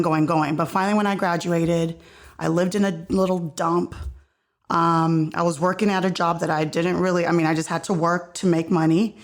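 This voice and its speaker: A woman in her thirties telling a personal story in casual conversation, earnest and emotional, with many restarts. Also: on the low side. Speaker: podcast guest. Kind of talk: casual chat.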